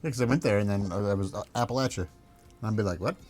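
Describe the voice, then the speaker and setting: A man's voice: on the low side, very fast, darkish tone, faint music behind. A man hosting a stream, chatting casually and teasing playfully. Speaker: streamer, host. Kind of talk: casual chat.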